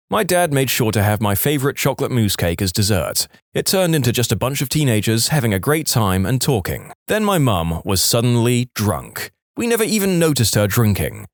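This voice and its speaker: A man reads online stories aloud with a playful, animated delivery. His pitch swings widely through each sentence, and the recording is close and dry with no room sound. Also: dry recording. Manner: lively, playful storytelling with voiced quotes. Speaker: narrator.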